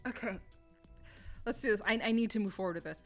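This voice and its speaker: Excitable woman streamer, laughing. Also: medium pitch, fast, soft background music. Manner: excitable, laughing, swearing at villains. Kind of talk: live game stream commentary.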